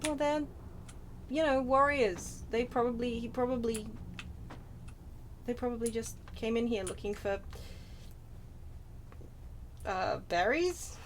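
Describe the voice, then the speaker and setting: A woman's voice: a little high, slow, pauses often. Rambling British woman streamer, noisy line. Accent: British English. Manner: rambling, chatty, self-deprecating asides. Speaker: game streamer. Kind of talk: casual chat while playing a game. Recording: noisy home stream audio.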